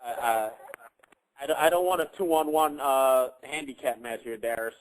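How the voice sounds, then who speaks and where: A man's voice: medium pitch, normal speed, a little hiss or hum, poor audio. A man hosting a radio quiz, hesitant and self-amused as he reads out questions and gives points. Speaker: quiz moderator and host. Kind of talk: casual radio chat.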